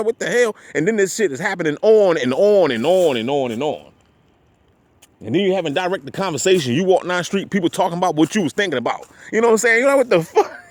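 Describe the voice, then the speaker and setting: A man with a somewhat high-set voice rambles on outdoors in a loose vlog monologue. He swears constantly, leans on street slang, and keeps circling back with "you know what I'm saying." The talk is repetitive and stream-of-consciousness. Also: no room sound. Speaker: vlogger. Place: outdoors at a park parking area.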